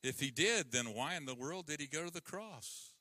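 A man preaches with a high, piercingly bright voice, slow and deliberate. He swings between ringing emphasis and near-whispers. The sound is close and dry. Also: expressive, no echo. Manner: dramatic swings from loud to hushed; breaks into hymn lines. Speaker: pastor. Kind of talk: sermon.

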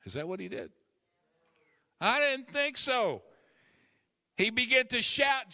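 A man's voice: extremely high pitch, big pitch swings, slow pace, pauses often, bright, forceful tone, in a large hall. A man preaching a sermon as pastor, building to emphatic calls as he speaks.

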